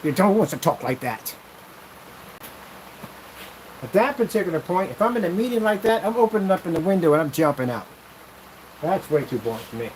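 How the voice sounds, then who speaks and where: A man rambling through a casual vlog while testing projection screen paint, animated, jokey and full of tangents. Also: on the high side, a little hiss or hum, poor audio.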